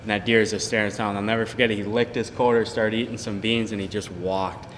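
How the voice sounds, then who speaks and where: A male bowhunter recounting his hunt in an interview, animated and acting out the dialogue. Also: on the low side, fast, big-room sound, a little hiss or hum.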